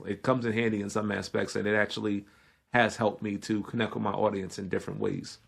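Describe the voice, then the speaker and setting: A man from Brooklyn with a New York accent, talking fast and energetically as a guest chef on a casual podcast. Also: on the low side, level tone, vocal fry, fairly bright tone.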